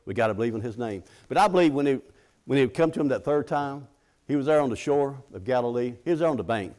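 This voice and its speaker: Man preaching, middle-aged, folksy, conversational, medium pitch. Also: animated, fast, darkish tone. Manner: acts out scripture quotes. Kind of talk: sermon.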